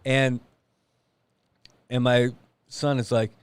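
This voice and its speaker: A middle-aged man chats in a relaxed way on a talk show. His voice has an average pitch, and he tells playful family stories. He chuckles easily as he goes. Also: slow, clean tone, no echo. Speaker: podcast co-host. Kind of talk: casual chat.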